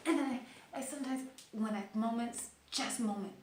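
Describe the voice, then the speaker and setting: A woman's voice: on the high side, moderate pace. Woman telling her story in a roomy kitchen. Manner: animated storytelling, dropping to quiet whispers. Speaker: vlogger sharing her illness story. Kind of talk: personal video diary. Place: kitchen of an old house. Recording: roomy, distant mic with faint noise.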